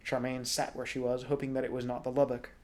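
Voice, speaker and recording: A man reading a storybook aloud in a relaxed way, now and then correcting small slips. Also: mid-range voice, fast talker. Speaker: audiobook reader.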